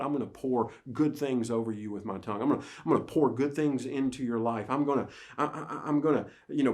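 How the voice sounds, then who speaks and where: A man's voice: mid-range voice, darkish tone. Emphatic man preaching a sermon. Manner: emphatic preaching with repeated phrases and restarts. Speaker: pastor. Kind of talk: livestream sermon.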